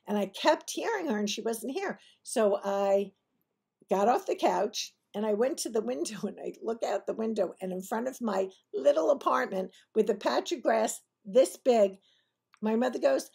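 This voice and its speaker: Gravelly, husky woman telling a chatty story. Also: a little high, expressive, moderate pace, dark tone. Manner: chatty, digressive, laughs through her punchlines. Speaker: vlogger telling personal stories. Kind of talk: casual storytelling to camera.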